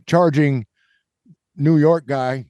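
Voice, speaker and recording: A man's voice: a little high, steady tone, slow pace, warm tone, clean tone, dry recording. A middle-aged man hosting a podcast and telling a rambling story, full of fillers and acting out the people in it. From Kansas, US. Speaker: podcast host. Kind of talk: casual storytelling.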